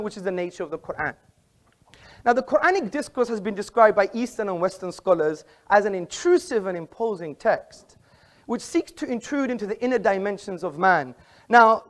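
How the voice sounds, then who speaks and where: A man giving a formal, argumentative debate talk in an auditorium, emphatic and combative as he quotes from books. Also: high-pitched. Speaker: debate speaker.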